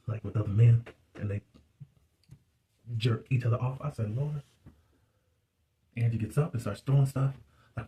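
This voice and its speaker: A man recaps a reality show in a loose, gossipy style, laughing often and dropping words like "y'all". His voice is mellow and sits at a middle pitch. A faint ambience hums behind him. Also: moderate pace, pauses often, slight background noise. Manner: dialect words like "y'all" and "you be". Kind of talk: casual recap commentary.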